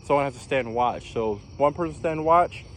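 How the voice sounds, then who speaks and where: A man's voice: mid-range voice, moderate pace, a little hiss or hum. A young man casually telling a personal story as a vlogger, rambling and repeating phrases.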